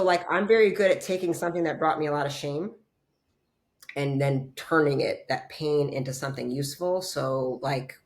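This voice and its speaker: Blunt fortyish woman, raspy edge, candid interview guest. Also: sits low. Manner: blunt, animated, swears freely. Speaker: chiropractor and guest.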